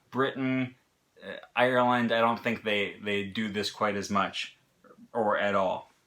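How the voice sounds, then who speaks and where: A man's voice: fairly low pitch, pushed and bright. A man with an American accent explaining pronunciation in a casual lesson, talking in short bursts with fillers and restarts. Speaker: language teacher.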